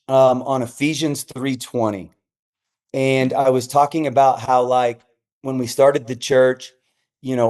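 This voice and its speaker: A middle-aged man, a senior pastor, telling stories as a guest in a casual podcast chat, acting out the voices of people he quotes. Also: medium pitch. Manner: animated, acts out quoted voices.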